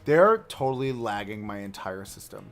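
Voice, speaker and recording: Chatty man streaming a building game, faint music. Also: on the low side. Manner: chatty, thinks aloud, quick swings between excitement and mutters. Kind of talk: casual live-stream commentary while building.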